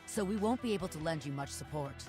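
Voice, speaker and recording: A woman's voice: sits low, animated, quick pace, mellow. A woman voicing a level-headed, firm commander in a game. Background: game music.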